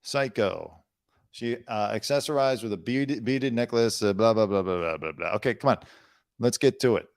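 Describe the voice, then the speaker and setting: A man's voice: lowish voice, normal speed, dry recording, studio quality. Sarcastic male entertainment news host. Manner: sarcastic, rambling riffs between read-out headlines. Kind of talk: casual news commentary.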